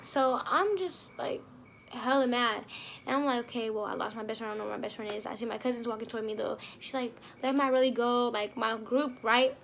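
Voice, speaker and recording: Animated young woman telling a storytime. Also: a little high, fairly quick, gravelly, a little hiss or hum. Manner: animated, slangy retelling with sound effects. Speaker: vlogger. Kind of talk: storytime vlog.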